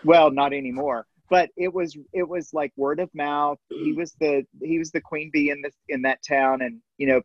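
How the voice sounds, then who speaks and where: A man's voice: mid-range voice, no room sound, highs cut off. A man, a baker and co-host, chatting casually, swearing now and then and talking to the listeners. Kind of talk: casual podcast chat.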